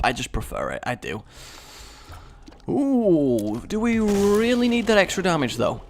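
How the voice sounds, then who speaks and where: A young English man giving chatty, sarcastic let's-play commentary, rambling into asides and breaking into excited yelps. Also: high voice, a little slow, gravelly, slight background noise. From England. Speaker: gaming YouTuber.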